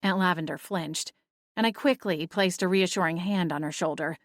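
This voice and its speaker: A woman reading first-person audiobook narration in a steady storytelling manner. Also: on the low side, normal speed, no echo, clean studio sound.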